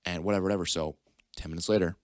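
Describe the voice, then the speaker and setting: A man's voice: deep voice, steady tone, racing, a little mellow, no room sound, clean studio sound. A young man telling a story casually on a podcast, acting out the people he quotes in raised voices. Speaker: podcast guest.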